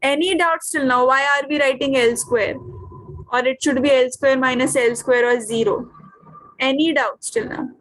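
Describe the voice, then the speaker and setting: High-voiced Indian English woman teaching physics. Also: steady tone, normal speed, a bit bright. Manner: questioning, checks understanding often. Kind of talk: online physics class.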